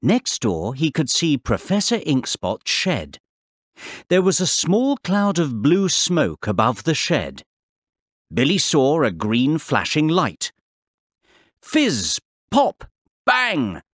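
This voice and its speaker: Slow, very expressive male storyteller. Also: a little high, no echo, clean studio sound. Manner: deliberate, expressive reading for learners. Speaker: narrator. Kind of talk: slow, clear textbook narration.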